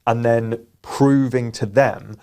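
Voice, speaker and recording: A man's voice: mid-range voice, takes it slowly, vocal fry, darkish tone, smooth. A man co-hosting a business live show, explaining earnestly and often restarting his words. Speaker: co-host. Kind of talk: casual business chat.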